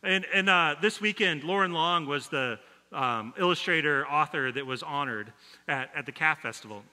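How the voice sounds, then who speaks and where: A man preaching a sermon as pastor, telling a story in a conversational way and dropping his voice soft when he quotes people. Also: fairly high pitch, animated, moderate pace. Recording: long reverb of a large hall.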